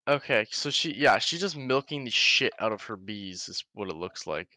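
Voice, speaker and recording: Male podcast host, low-pitched and blunt, mock-exasperated banter, dead-dry recording. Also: expressive, moderate pace, bright, forceful tone, no echo. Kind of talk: casual chat.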